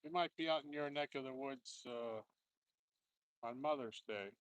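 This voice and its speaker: A man co-hosting a casual live stream from a lake dock, giving short relaxed replies and chiming in. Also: medium pitch, normal speed, no room sound. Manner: laid-back, short replies and easy laughs. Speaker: co-host.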